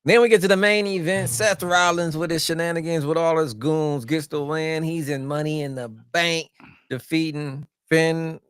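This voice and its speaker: A man's voice: fairly high pitch, fairly even intonation, normal speed, smooth, no room sound. Laid-back man hosting a podcast. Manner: laid-back, gives shout-outs, runs the segments. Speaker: podcast host. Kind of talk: casual wrestling chat.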